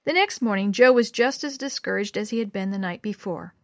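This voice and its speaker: A woman narrating a storybook in a measured, expressive way. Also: mid-range voice, dry recording, studio quality. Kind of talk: storybook reading.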